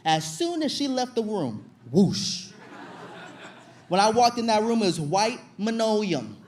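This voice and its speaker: A young man with a high voice performs stand-up on a club stage, acting out his story with sudden loud outbursts. Faint room noise sits behind the voice. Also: moderate pace. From Virginia, USA. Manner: animated storytelling, loud acted-out shouts. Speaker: stand-up comedian. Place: comedy stage before an audience.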